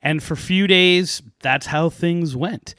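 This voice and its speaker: A man's voice: on the high side, slow, clean tone, dry recording. Guy telling an old fairy tale to his podcast, chatty, dry close sound. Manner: lively retelling with asides and light laughs. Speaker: podcast host. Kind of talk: casual storytelling of a folk tale.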